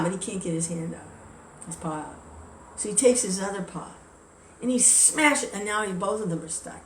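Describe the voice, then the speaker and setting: A woman teaching a devotional scripture class, telling a story in a relaxed, chatty way. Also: lowish voice, normal speed, a little hiss or hum. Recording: echoey room with faint ambience.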